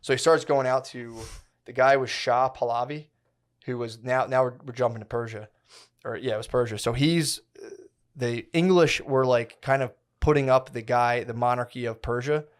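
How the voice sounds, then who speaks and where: A man's voice: medium pitch, moderate pace. A man in his thirties co-hosting a casual podcast, telling a long history story with slang, swearing and many restarts. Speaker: podcast co-host.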